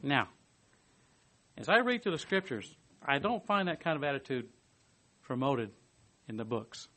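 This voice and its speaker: A man giving a sermon, reading a commentary aloud and adding his own asides, moving between emphatic bursts and quiet, hushed stretches. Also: mid-range voice, measured pace. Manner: lively, swings from emphatic to hushed. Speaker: preacher.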